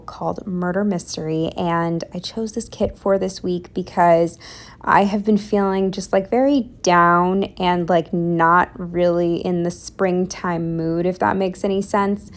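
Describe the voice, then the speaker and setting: A woman's voice: lowish voice, measured pace. A young woman recording a casual voiceover for a planning video. She sounds exhausted and exasperated, rambles, and drops into whispers. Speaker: planner vlogger.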